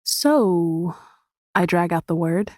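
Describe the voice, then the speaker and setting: A woman narrating an audiobook in the first person, soft and measured. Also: lowish voice, no echo, studio quality.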